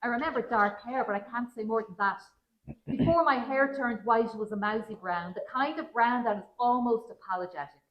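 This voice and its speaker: A woman reads a story aloud, her voice sitting a little high. She tells it in a dry, wry first-person way, and the big room around her rings with echo. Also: fairly quick, highs cut off. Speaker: children's author. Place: large roomy museum hall at a public event. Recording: roomy event hall.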